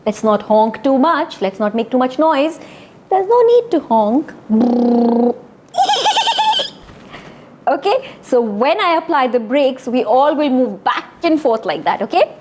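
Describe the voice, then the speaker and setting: A woman's voice: high voice, expressive, normal speed, darkish tone. A woman telling a fairy tale to children, coaxing them to act along and praising them. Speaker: children's storyteller. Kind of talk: interactive story enactment for kids.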